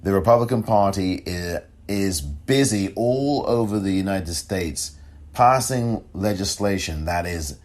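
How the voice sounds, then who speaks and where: Male podcast host, political commentary, very low pitch, slow deliberate emphatic delivery, indignant. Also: darkish tone.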